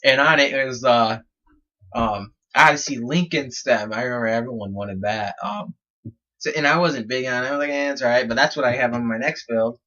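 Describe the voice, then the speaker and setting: A man's voice: medium pitch, fairly quick, bright, forceful tone. A young man telling casual stories about his BMX bikes, rambling and often restarting his sentences. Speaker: BMX rider vlogger. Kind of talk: casual storytelling. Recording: dull lo-fi sound.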